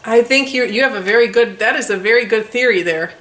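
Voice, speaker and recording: A woman co-hosting a casual chat, telling stories in an excitable, animated way with many fillers. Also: on the high side, fast talker, roomy sound. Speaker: co-host.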